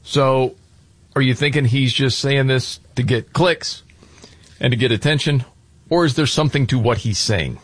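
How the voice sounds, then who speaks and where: A man's voice: mid-range voice, normal speed, no room sound. A man hosting a casual talk show, chatting with co-hosts in an emphatic, conversational way. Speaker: host.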